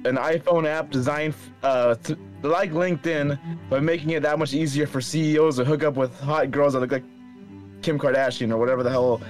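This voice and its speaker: A young man guesting on a casual comedy podcast, offhand and a bit mumbly as he pitches jokes. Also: steady tone, a little fast, soft background music.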